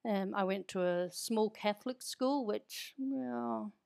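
A woman's voice: medium pitch, slow, gravelly, a little mellow. A woman from New Zealand with an Irish-tinged Kiwi accent, telling stories as an interview guest in a chatty, anecdotal way. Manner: chatty, anecdotal, easy laughter. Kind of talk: conversational storytelling.

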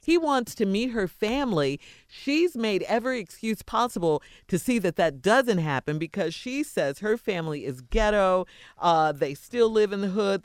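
Smooth-voiced man reading a listener letter. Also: high voice, no room sound, studio quality. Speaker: radio show host.

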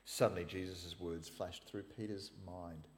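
A man's voice: low-pitched, fairly even intonation, a little slow, a little hiss or hum. A man preaching a sermon, retelling scripture in an emphatic, storytelling way with casual asides. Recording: long reverb of a large hall.

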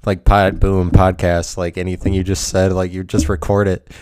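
A man's voice: low-pitched, flat delivery, moderate pace, a little mellow, clean tone, no room sound, clean studio sound. A man hosting a podcast in a rambling solo monologue, self-mocking and profane, laughing often. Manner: profane, provocative. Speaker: podcast host.

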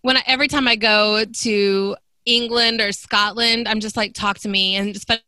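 Chatty bright-voiced woman from Texas. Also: a little high, fairly even intonation, moderate pace, no echo. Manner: enthusiastic, chatty. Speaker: podcast co-host, educator. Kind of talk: casual book chat.

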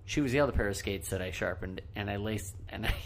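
A man's voice: on the low side, quick pace, a little hiss or hum. A man telling stories in a casual podcast chat, laughing often and swearing freely. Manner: swearing, laughing, animated storyteller. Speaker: podcast co-host.

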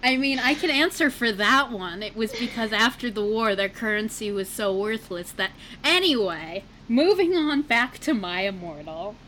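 A woman's voice: a little high, expressive, normal speed, hardly any pauses, a bit bright, slight background noise, rough recording. A woman co-hosting a comedy podcast, reading a story aloud, spelling out misspelled words and breaking into laughter. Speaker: co-host reading fan fiction aloud.

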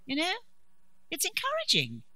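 Bright, lively woman preaching. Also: extremely high pitch, normal speed, no echo, rough recording. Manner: lively storyteller with dry humour. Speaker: conference speaker. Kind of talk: preaching talk.

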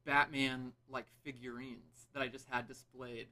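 A man's voice: mid-range voice, flat delivery, a little slow, pushed and bright. A man guesting on a casual podcast as a local comedian, talking in an easygoing way from a couch at home and laughing along.

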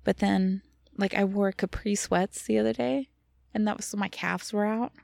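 A woman's voice: medium pitch, fairly even intonation, normal speed, gravelly, darkish tone, no room sound, studio quality. A woman co-hosting a podcast, talking candidly and rawly about her feelings, swearing freely and laughing at herself. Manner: raw, confessional, swears freely, self-deprecating laughs. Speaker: podcast co-host. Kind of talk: candid casual chat.

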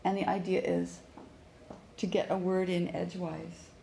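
Woman teacher, low gravelly voice, mellow tone, echoey classroom. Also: level tone, moderate pace. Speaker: English conversation teacher. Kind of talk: classroom coaching. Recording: echoey room with faint background noise.

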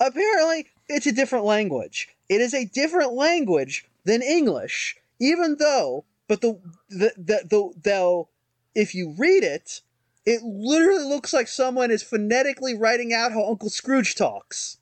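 A man's voice: very high-pitched, very animated, normal speed, dry recording. A man co-hosting a podcast in casual chat, rambling and self-mocking with lots of fillers and restarts. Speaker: podcast co-host.

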